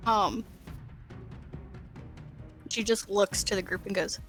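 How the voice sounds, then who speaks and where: A young adult woman playing a tabletop game, halting and unhurried, often restarting her sentences. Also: mid-range voice, fairly even intonation, fairly bright tone, faint music behind. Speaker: player. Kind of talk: tabletop game play, casual chat.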